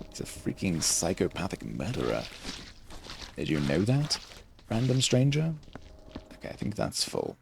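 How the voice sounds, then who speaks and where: A young man with a deep, gravelly voice streams a game and rambles through his thoughts. His pitch swings widely as he drifts off track and jokes at his own expense. He carries a mild faux British-Australian lilt, over faint background noise. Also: wildly swooping pitch, normal speed, long pauses. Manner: self-deprecating, digressive, jokey. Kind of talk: rambling gameplay commentary.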